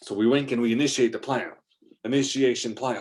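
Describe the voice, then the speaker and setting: A man's voice: mid-range voice, fairly even intonation, brisk, a little mellow. A man narrating an improvised adventure story, rambling along with fillers and restarts.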